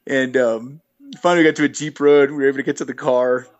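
A man's voice: mid-range voice, steady tone, quick pace, lo-fi sound. Easygoing middle-aged man telling trail stories. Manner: easygoing, rambling with fillers. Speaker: guest, thru-hiker. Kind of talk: casual storytelling interview.

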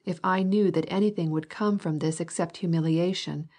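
A man's voice: on the high side, fairly even intonation, normal speed, darkish tone. A woman voicing a proud, reluctant young nobleman who speaks coldly, in an audiobook. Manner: cold, curt.

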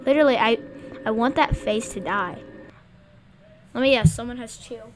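A woman with a high, bright voice talks over a video game, excitable and blunt, cracking jokes as she plays. Faint game music hums in the background. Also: a little slow, long pauses. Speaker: gamer. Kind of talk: gameplay commentary.

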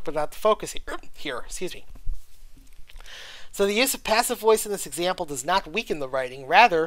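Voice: mid-range voice, a bit bright, dry recording. A college writing instructor giving a recorded video lecture, reading textbook passages aloud, with frequent "okay?" check-ins and "uh" fillers.

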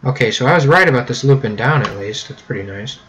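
A man giving casual gameplay commentary, rambling and self-mocking with sudden excited yelps. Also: mid-range voice, fast talker, muffled recording, slight background noise. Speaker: let's play gamer. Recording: keyboard clicks audible behind.

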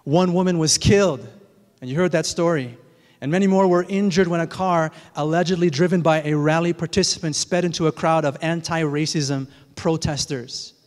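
High-pitched guy preaching a sermon, earnest, lots of echo from a big church hall. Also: moderate pace. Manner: earnest, rises to emphatic peaks. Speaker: pastor. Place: large church sanctuary. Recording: long hall reverb.

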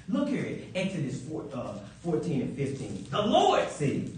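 A man preaching a sermon, animated and playful, breaking into high whoops and chuckles. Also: normal speed, few pauses, slight background noise. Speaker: pastor. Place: church sanctuary. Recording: echoey church from a distant mic.

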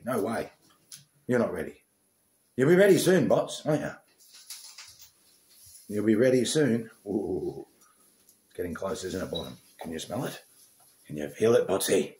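A man's voice: lowish voice, big pitch swings, moderate pace, long pauses, darkish tone. A man filming a home pet vlog, chatting casually and cooing to his dog in a playful sing-song voice. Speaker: pet vlogger.

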